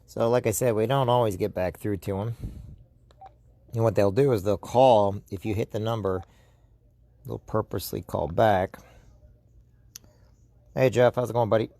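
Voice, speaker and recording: A man's voice: on the low side, fairly even intonation, moderate pace, long pauses, mellow, no room sound. A man from the United States, hosting his own channel, rambling through a casual monologue with frequent restarts and speaking straight to his viewers. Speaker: YouTube host.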